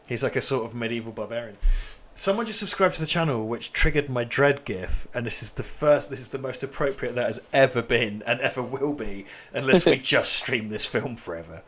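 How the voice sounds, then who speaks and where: A man chatting on a casual film-night stream. His pitch swings widely as he rambles and jokes. He laughs often and swears freely. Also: lively intonation, a little fast, few pauses, a bit bright. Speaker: co-host of a film watch-party stream. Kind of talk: casual chat.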